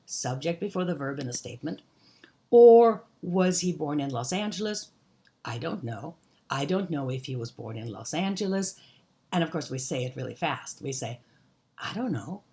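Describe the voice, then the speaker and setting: A woman teaching an English grammar lesson, explaining examples slowly and deliberately. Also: low voice, expressive, warm tone. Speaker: ESL teacher.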